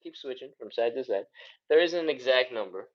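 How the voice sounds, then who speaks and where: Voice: mid-range voice, expressive, fairly quick. A breathless fitness instructor counts reps aloud and coaches a live stretching session, with cheerful chatty asides between the moves. The audio is slightly dull, like a home livestream. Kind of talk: live follow-along workout coaching. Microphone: streaming setup.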